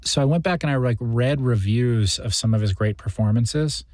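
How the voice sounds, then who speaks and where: A man's voice: medium pitch, normal speed, a little mellow, no room sound. A man, an actor, answering interview questions in a reflective, rambling way with many fillers. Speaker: guest actor. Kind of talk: interview conversation.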